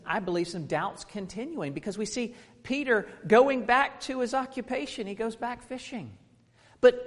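Male preacher, thirties, high-pitched, emphatic sermon delivery with rhetorical questions, echoing hall.

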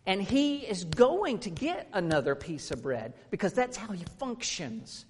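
A man's voice: high-pitched, very animated, measured pace, husky, big-room sound. A man in his thirties preaching a sermon, earnest and emphatic, asking rhetorical questions.

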